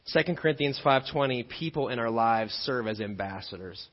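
A man preaching a sermon as pastor, an animated storyteller who acts out scenes and jokes along the way. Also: medium pitch, brisk, big-room sound. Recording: dull lo-fi sermon recording.

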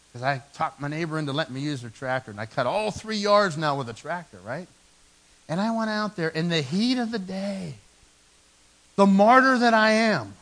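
A man in his forties preaching a sermon in a church, telling stories with animated, self-mocking humor. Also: fairly high pitch, rough recording. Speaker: pastor. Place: church sanctuary.

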